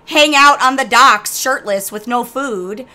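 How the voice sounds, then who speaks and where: A woman's voice: fairly high pitch, a loud crowd. A woman co-hosting a casual gaming podcast, telling stories in a brash, profane, teasing way. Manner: brash, profane storyteller, animated and quick to tease. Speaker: podcast co-host and guild master.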